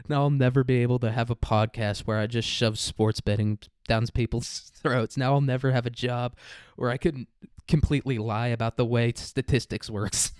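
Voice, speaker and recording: Male podcast host, casual profane rant, mid-pitch voice, dry booth sound. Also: darkish tone, clean tone, no echo. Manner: profane, sarcastic, mocking mimicry; laughs through his own jokes. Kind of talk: casual ranting commentary.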